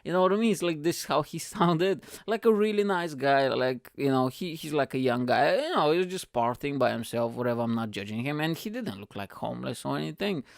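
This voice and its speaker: A man's voice: mid-range voice, lively intonation, fairly quick, creaky, few pauses, no echo, studio quality. A man hosting a podcast, telling a story in a rambling, profane way with frequent laughs. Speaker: podcast host. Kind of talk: casual storytelling.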